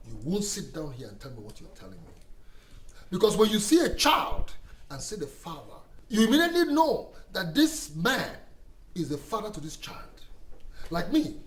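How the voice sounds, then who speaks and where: A man's voice: sits high, echoey room. An actor with a Nigerian accent playing a suspicious husband who argues heatedly with his friends. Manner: argumentative, heated.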